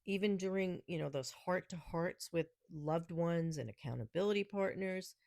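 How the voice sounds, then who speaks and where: Her voice is lowish with vocal fry and a darkish tone, moving at a normal speed, as this New York woman hosts a casual solo podcast. She jokes with snarky sarcasm and laughs often between remarks, recorded dry at studio quality.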